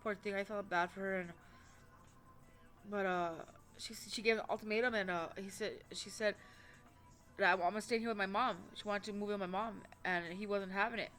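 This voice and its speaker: A woman telling a personal story in casual, rambling talk, swearing often and restarting her sentences, with soft music behind her. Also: mid-range voice, fairly even intonation, normal speed. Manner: rambling, profane, with many fillers and restarts.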